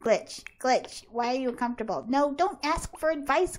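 A woman hosts her own game channel with casual play-by-play commentary. Her voice sits high and swings widely in pitch. She is chatty, laughs often, and coaxes or scolds the characters on screen. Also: lively intonation, normal speed, hardly any pauses, a little hiss or hum.

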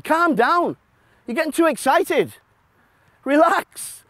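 High-voiced, blunt football coach. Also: male voice, lively intonation, takes it slowly, long pauses, dry recording. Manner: shouting instructions to players on a pitch, then explaining quietly to an audience; blunt, joking. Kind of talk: coaching session with live demonstration. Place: outdoor football pitch.

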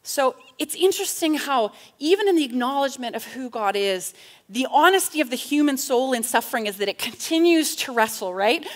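A woman giving a reflective Bible talk, reading psalm passages with feeling and often asking "right?". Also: high-pitched. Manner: slow, earnest, with frequent rhetorical "right?"; reads psalm passages with rising intensity. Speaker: teacher in a church class.

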